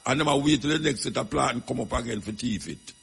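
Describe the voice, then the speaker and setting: A man's voice: medium pitch, fast talker, creaky, fairly bright tone, husky, big-room sound. A man with a Jamaican accent, hosting a radio talk show and telling stories in loose, rambling patois full of emphatic asides.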